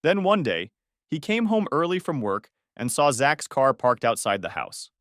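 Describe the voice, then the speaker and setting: Expressive male storyteller with a lively voice. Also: medium pitch, moderate pace, no room sound, clean studio sound. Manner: emotional, with angry outbursts in quoted lines. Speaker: narrator. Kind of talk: first-person story narration.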